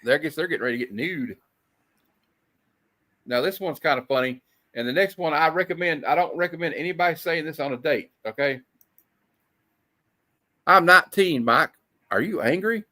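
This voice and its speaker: A man hosting a casual streamed show, reading old comic panels aloud with quick put-on voices and frequent laughter. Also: a little high, a bit bright, no echo. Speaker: host. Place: streamed show, live online.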